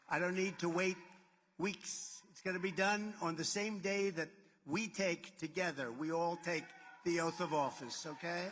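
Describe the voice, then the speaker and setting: A man's voice: a little high, measured pace, fairly bright tone, slight background noise. A man addressing a rally as a political candidate, boastful and repetitive, piling up superlatives and wandering into asides. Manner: rambling asides. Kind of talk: rally speech. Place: large rally venue. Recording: long reverb in a large hall.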